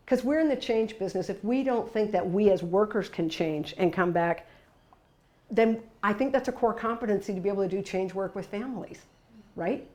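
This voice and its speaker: A woman's voice: medium pitch, normal speed. Woman presenter, emphatic conversational delivery, frequent tag questions, storytelling energy. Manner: lively storytelling with sudden bursts of loudness. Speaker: workshop presenter. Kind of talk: presentation to workers.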